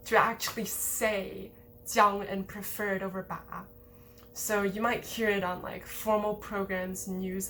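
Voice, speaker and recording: A woman's voice: mid-range voice, fairly bright tone, a little hiss or hum. A woman giving a casual lesson over slides, explaining in a chatty way with many fillers. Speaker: language teacher.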